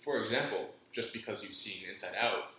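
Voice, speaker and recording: A man's voice: on the low side, fairly quick, bright, forceful tone, slight background noise. A man of about twenty from Nigeria, speaking as a podcast guest in a jokey, put-on Scottish accent. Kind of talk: casual podcast chat. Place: college house room. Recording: echoey room, far from the mic.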